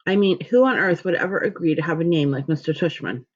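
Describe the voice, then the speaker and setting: A woman's voice: lowish voice, quick pace, natural voice. A woman voicing a jokey storybook dad. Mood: joking. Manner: jokey, upbeat. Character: joking, playful father, middle-aged. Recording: dull lo-fi recording.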